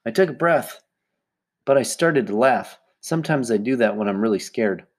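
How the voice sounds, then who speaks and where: A man's voice: mid-range voice, expressive, normal speed. A man narrating a children's audiobook in a plain first-person storytelling manner. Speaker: audiobook reader.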